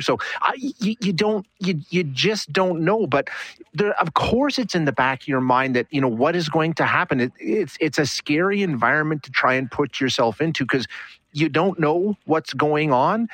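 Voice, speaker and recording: A man's voice: on the high side, fairly bright tone, no echo. A man, a radio co-host, telling a story in a talk radio discussion and repeating words as he thinks.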